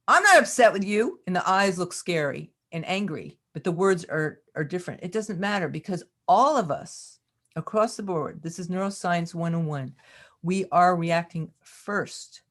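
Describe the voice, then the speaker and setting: A woman teaching about love and relationships on a community call, talking expressively, acting out quoted lines and laughing often. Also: on the low side.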